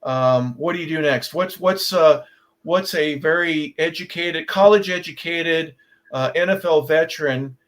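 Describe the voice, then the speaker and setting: Higher-voiced sports radio host, rambling. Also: male voice, a little slow, fairly bright tone. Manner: rambling questions with restarts. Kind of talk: casual interview talk.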